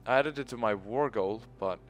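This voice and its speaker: A man's voice: fairly low pitch, moderate pace, soft background music. A young man commentating his own strategy game playthrough, rambling and swearing often. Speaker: let's play host. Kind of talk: gaming commentary.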